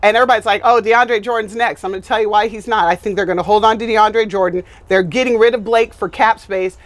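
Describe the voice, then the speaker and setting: Woman co-host, animated and opinionated, chatty sports banter, dry booth sound. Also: mid-range voice, quick pace, dry recording. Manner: animated, opinionated, laughs often. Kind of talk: casual sports chat.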